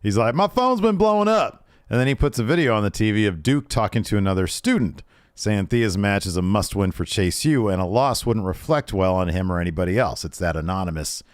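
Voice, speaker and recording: A man's voice: fairly low pitch, a little fast, no room sound, clean studio sound. A man co-hosting a podcast, recapping wrestling in casual chat with joking, exasperated asides. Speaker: podcast co-host.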